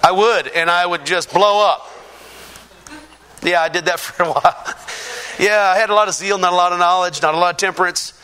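A middle-aged man from the Pacific Northwest giving a lively personal testimony, poking fun at himself and acting out what people said. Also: high-pitched, a little fast, long pauses, a little hiss or hum. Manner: lively, self-mocking storyteller who acts out quotes. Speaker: church testimony speaker.

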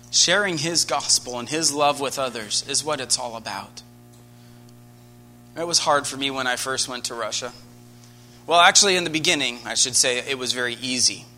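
Bright-voiced American man preaching. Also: mid-range voice, normal speed, long pauses, soft background music. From United States. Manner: earnest storytelling, grows animated and loud. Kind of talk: sermon.

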